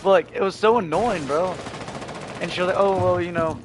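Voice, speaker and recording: A man with a somewhat high, hoarse voice chats casually on a gaming livestream. He rambles through stories, laughs often and swears freely. A faint noise sits under his voice. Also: fairly quick. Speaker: game streamer.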